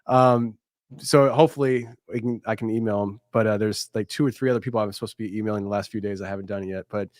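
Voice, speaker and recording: A man chatting casually on a podcast, halting and repeating words with small laughs. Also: lowish voice, fairly even intonation, darkish tone, no room sound, clean studio sound. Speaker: podcast guest. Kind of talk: casual chat.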